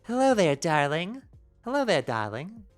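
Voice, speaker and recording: A man's voice: fairly high pitch, wildly swooping pitch, brisk, a bit bright, faint music behind. A man reading aloud as a cryptic, teasing woman in a put-on posh British accent.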